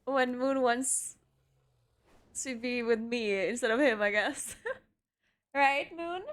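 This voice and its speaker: A woman's voice: a little high, slow, clean tone. A young adult woman streaming casually, chatting with her viewers and cooing at her cats, laughing often. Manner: talks to pets in a soft cooing voice, laughs often.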